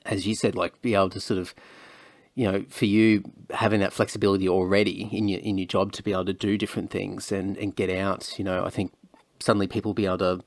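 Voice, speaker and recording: A man's voice: low-pitched, little pitch movement, fast talker, no echo. A man hosting a podcast, chatting casually and hedging with lots of fillers. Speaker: podcast host. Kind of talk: casual chat.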